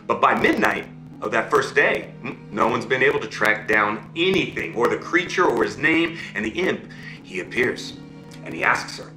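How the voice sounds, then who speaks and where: A man's voice: a little high, reverberant, poor audio. A man telling a fairy tale to listeners, checking in with them as he goes. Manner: animated, checks in with listeners ("okay?", "right?"). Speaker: storyteller. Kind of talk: oral storytelling.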